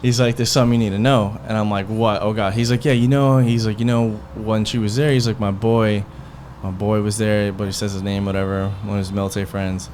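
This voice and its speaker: A man's voice: fairly low pitch, flat delivery, fairly quick, a little mellow, slight background noise. A man hosting a podcast, telling a heated personal story in a rambling, profane way, full of quoted back-and-forth. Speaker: podcast host. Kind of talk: casual storytelling.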